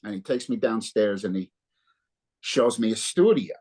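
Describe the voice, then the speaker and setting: A guest guitarist in his fifties from New Jersey speaks at a moderate pace with a fairly low voice. He tells stories in a casual interview, acting out the dialogue with plenty of swearing in an animated, profane way.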